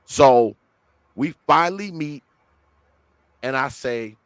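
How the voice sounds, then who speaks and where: A man who is a guest on a podcast, telling a story in an animated, heavily profane way. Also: medium pitch, takes it slowly, smooth, no room sound.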